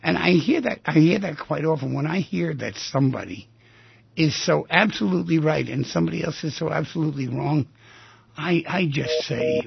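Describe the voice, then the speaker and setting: A man hosting a call-in advice radio show, talking in an animated, emphatic way with storytelling asides. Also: fairly high pitch, no echo. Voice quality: very husky, gravelly voice. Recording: dull, lo-fi radio audio.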